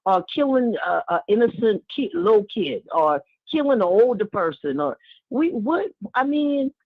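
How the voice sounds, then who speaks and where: A woman's voice: on the high side, big pitch swings, normal speed, no room sound. Woman caller on a tinny phone line. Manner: heartfelt, with warm asides and repeated words. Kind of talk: casual call-in talk.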